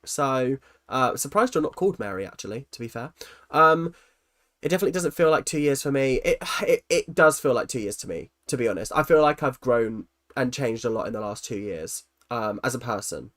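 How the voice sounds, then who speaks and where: A man's voice: medium pitch, lively intonation, fairly quick, a bit bright. A young man hosting a livestream, reading out chat comments and answering with teasing, self-mocking jokes and lots of ums. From London. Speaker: livestream host.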